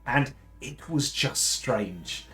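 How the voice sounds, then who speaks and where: A man from the south of England with a deep baritone voice, chatting casually and rambling with many fillers and restarts. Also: lively intonation, drawn-out words, bright, forceful tone, soft background music, low-quality recording. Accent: Southern English. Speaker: host. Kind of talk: casual live chat.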